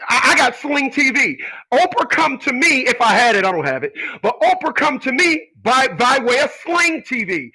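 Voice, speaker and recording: This channel host's voice is very high and bright, forceful with a breathy edge, captured on poor audio. He rambles through a casual opinion monologue, preaching and picking fights with imagined opponents while repeating himself and starting over.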